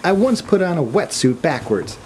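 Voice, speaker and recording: A man's voice: a little high, big pitch swings, moderate pace, slight background noise. An American man narrating his travel vlog with wry, self-mocking humor. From United States. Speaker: travel vlogger.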